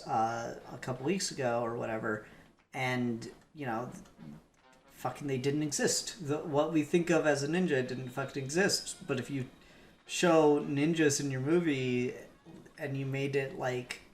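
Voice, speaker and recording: A man's voice: mid-range voice, moderate pace, slight background noise. A man co-hosting a podcast, rambling casually with lots of fillers and the odd swear word. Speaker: podcast co-host. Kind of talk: casual comic book discussion. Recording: echoey room with faint music.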